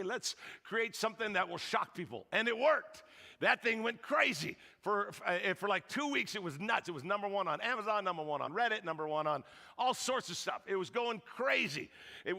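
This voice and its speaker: A high-pitched man preaches to his congregation, joking and animated as he acts out the people in his story. His voice is gravelly and bright, and it carries through a large hall with a long echo. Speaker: pastor. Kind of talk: storytelling sermon. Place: church hall.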